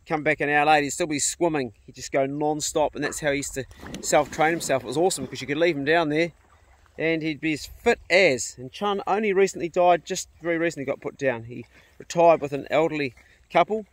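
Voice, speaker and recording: A man's voice: fairly high pitch, fairly quick, no room sound. Blunt, easygoing man on a farm. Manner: blunt, easygoing, swears casually. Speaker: farm owner and channel host. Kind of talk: casual outdoor vlog chat. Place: outdoors on a rural farm property.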